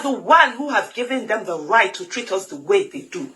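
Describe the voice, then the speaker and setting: A woman's voice: mid-range voice, very animated, moderate pace, few pauses, pushed and bright, poor audio. A Nigerian woman with a Nigerian accent giving an impassioned political monologue, fiery and emphatic with lots of repetition. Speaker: political commentator.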